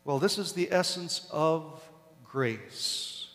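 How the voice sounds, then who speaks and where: A male pastor delivers his sermon at an unhurried, measured pace, pressing down on the words he wants remembered. His voice sits a little high for a man, and it rings out into the long echo of a church sanctuary. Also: fairly bright tone. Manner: slow, deliberate preaching with emphatic stresses.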